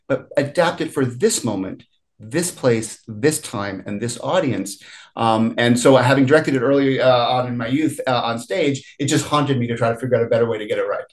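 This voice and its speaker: A middle-aged man, a film writer and director, talking in a casual interview with frequent laughs and restarted sentences. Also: mid-range voice.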